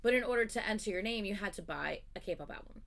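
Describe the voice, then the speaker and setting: A woman's voice: medium pitch, expressive, fast talker, vocal fry, fairly bright tone. A woman hosting a livestream, chatting casually and animatedly as she tells a story, swearing freely. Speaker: livestream host.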